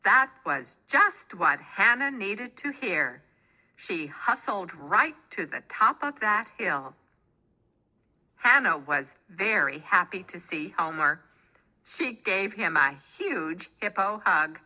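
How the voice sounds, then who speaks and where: A woman reads a children's picture book aloud with expressive, storytelling flair. Her voice sits in the middle range, and she takes her time.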